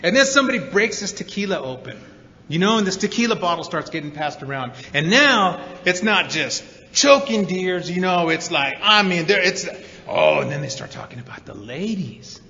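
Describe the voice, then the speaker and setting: A man speaking at a recovery meeting, telling his story to an audience in an animated way, acting out the voices of the people in it. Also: sits high, normal speed. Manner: animated storyteller, acts out quotes, many repeated 'and's. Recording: dull recording in a hall with reverb.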